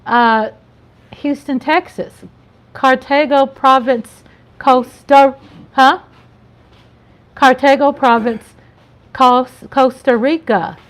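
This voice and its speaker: A chatty woman talks casually on her livestream. Her voice sits a little high and turns playful when she stretches out a greeting. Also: steady tone, slow pace, long pauses. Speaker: livestream host. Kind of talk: casual live-stream chat.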